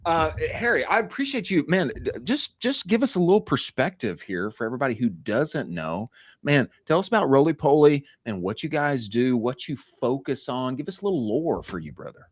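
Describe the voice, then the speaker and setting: A man hosting a podcast interview, excitable and slangy, hyping up his guest. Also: mid-range voice, moderate pace, dry recording, studio quality. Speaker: podcast host.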